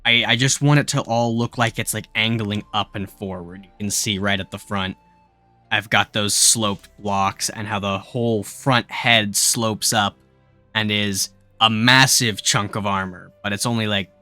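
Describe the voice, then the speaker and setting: A man's voice: fairly low pitch, steady tone, measured pace, sharp tone, no room sound, soft background music. A young man casually talking and swearing at his mistakes while building a spaceship in a game. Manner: swears freely, grumbles and exclaims at mistakes; rambling storytelling with filler words.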